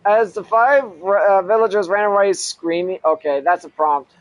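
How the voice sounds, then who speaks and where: A man's voice: sits high, normal speed, no echo, rough recording. A man reading a story aloud with casual asides, often chuckling and stopping to correct himself.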